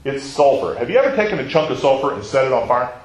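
A man's voice: mid-range voice, big pitch swings, fast, a crowd in the background. A man teaching a Bible class in a conversational way, often putting questions to his audience. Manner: asks the audience questions, chatty asides. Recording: roomy echoing hall.

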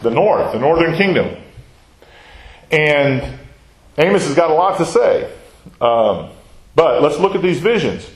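A man's voice: a little high, sing-song, a little slow, pauses often. Man teaching a Bible class in an echoey room. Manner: conversational, quizzes the class with questions and tags "right?". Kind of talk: Bible study lesson with scripture reading.

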